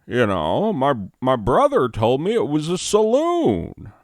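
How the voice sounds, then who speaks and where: A man's voice: a little high, huge pitch swings, slow, no room sound, studio quality, pitched above the performer's own voice, exaggerated voice. A man putting on the voice of a flustered old-time frontier man who stammers and hollers. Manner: stuttering, hollering.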